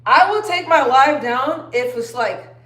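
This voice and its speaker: A woman's voice: sits high, animated, unhurried, a bit bright. A young woman chatting casually on a phone live stream, rambling and trailing off. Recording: roomy echo.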